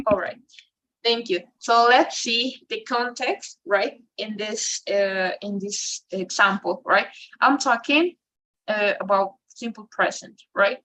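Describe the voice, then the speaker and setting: A woman's voice: mid-range voice, takes it slowly, a bit bright, a little hiss or hum, low-quality recording. A woman teaching English grammar, often checking in with a questioning "right?" and slipping into now and then. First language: Spanish. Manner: mixes in Spanish, ends phrases with "right?". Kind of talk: online class explanation.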